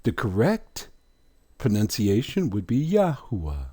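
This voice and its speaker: A man teaching in an unhurried, drawn-out way, with a low, husky voice. His pitch rises and falls a lot as he puts question after question to his listeners. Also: wildly swooping pitch, mellow. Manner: drawn-out, deliberate, asks rhetorical questions. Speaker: religious teacher. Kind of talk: slow pronunciation lesson.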